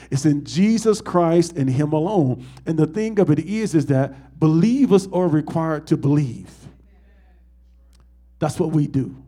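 Man, pastor, sermon, call-and-response questions, slightly high voice, mellow warm tone. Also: breathy edge.

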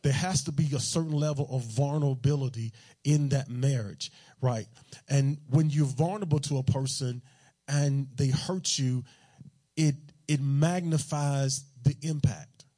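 A man's voice: mid-range voice, measured pace, mellow. A man preaching a sermon in a loose, conversational, joking way, full of everyday slang.

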